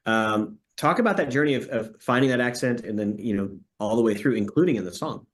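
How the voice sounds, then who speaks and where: A man's voice: mid-range voice, brisk. A man hosting a casual interview, friendly and chatty, often restarting his sentences. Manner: friendly, stammers and restarts, laughs along. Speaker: host.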